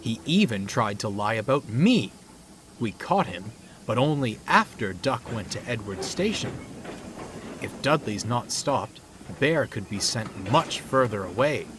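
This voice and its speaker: A man voicing a kindly, steady male steam engine, in a noisy recording. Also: fairly low pitch, measured pace. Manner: warm, then stern. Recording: loud background noise.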